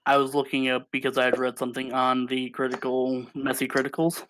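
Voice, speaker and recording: A man running a tabletop role-playing game as game master, narrating in a measured, calm way. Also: medium pitch, background noise.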